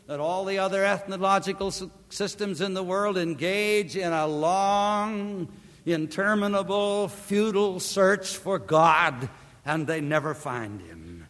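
A man delivers a sermon in a somewhat high voice, building to loud emphatic peaks and dropping to hushed near-whispers. His words ring out with a long reverb, as if from a large church hall. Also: unhurried. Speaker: preacher.

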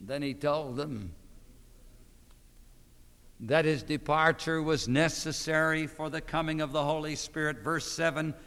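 Man, preacher, sermon, smooth ringing voice, emphatic, long reverb. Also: on the high side, steady tone, measured pace, pauses often, fairly bright tone. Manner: emphatic preaching with rhetorical questions.

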